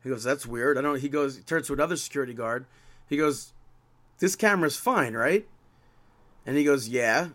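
With a medium pitch and moderate pace, pausing often, a man tells a story on a podcast in casual chat. He's the co-host, animatedly acting out each quoted exchange as his exasperation builds.

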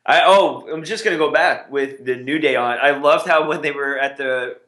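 A man's voice: on the high side, moderate pace, fairly bright tone. Casual man in an echoey room. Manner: laid-back, trails off with fillers. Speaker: podcast co-host. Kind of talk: casual wrestling recap chat.

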